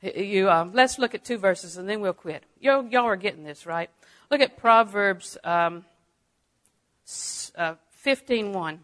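An older woman teaching a Bible lesson in a folksy way, dropping to a hush and rising to exclaim. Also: medium pitch, a little slow. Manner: folksy, swings from hushed to exclaiming.

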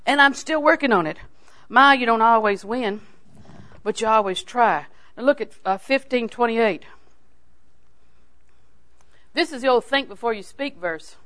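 An older woman teaching a sermon on scripture in a folksy, animated way, swinging between loud emphasis and hushed asides. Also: on the high side, a little slow, pauses often. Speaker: Bible teacher.

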